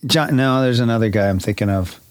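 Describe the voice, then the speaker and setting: A man's voice: mid-range voice, fairly quick, no room sound, clean studio sound. A man co-hosting a podcast, speaking thoughtfully and rambling, often correcting himself mid-sentence. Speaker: podcast co-host. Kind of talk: casual chat.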